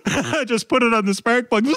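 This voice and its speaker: Slow, high, swooping podcast man. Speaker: podcast co-host. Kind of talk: casual storytelling chat.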